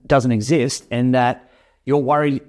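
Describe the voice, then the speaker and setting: A man's voice: medium pitch, steady tone, measured pace, darkish tone. A man leading a sales coaching session, talking energetically and often restarting and repeating his words.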